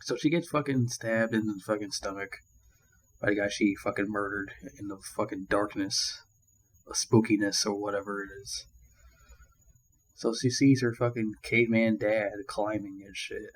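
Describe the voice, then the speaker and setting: A man's voice: lowish voice, fairly even intonation, normal speed, low-quality recording. A man giving a casual movie review, rambling and ranting with constant swearing and crude jokes. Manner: crude, profanity-laden rambling; annoyed ranting.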